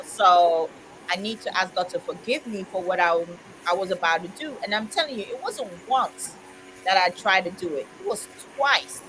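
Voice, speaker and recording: A woman's voice: mid-range voice, moderate pace, noisy background. Earnest woman sharing a personal story. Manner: earnest, heartfelt, peppered with "you know". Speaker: co-host of a community chat stream. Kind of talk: casual chat, personal testimony.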